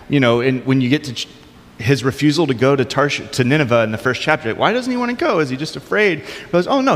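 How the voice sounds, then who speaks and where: A male pastor preaching a sermon in a conversational, informal way with light humor. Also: medium pitch. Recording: long hall reverb.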